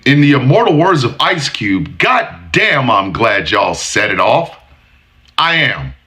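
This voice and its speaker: A man's voice: medium pitch, sharp tone. A man in his forties giving heated, profane commentary with emphatic delivery. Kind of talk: ranting commentary.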